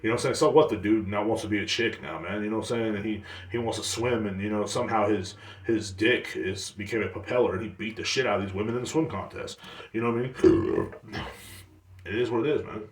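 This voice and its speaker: A man's voice: on the low side, steady tone, fast talker, reverberant, distant mic. A man hosting a podcast alone, rambling casually with blunt profanity and slang. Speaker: podcast host. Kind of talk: casual solo rant.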